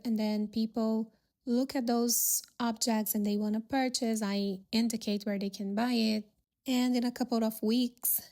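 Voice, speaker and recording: A woman voicing a calm, wealthy male party host who explains things patiently and matter-of-factly. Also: on the high side, lightly acted.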